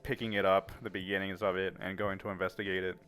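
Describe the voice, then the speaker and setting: A man narrating as game master in a tabletop game, measured with some fillers. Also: low voice, level tone, fairly bright tone, soft background music.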